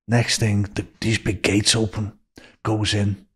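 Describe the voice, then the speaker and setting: A man in his sixties from Liverpool with a Scouse accent, a podcast guest telling a story in an animated way, acting out what people said. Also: on the low side, unhurried, breathy edge. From Liverpool, England. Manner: animated, acts out quoted speech in a raised voice. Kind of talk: anecdotal storytelling.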